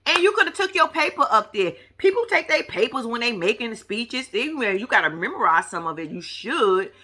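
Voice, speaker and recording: A woman's voice: fairly high pitch, brisk. A woman giving sassy, slangy casual commentary on a reality show, talking straight to the viewer. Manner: animated, sassy, slangy, talks to the screen. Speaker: vlogger reviewing a reality show.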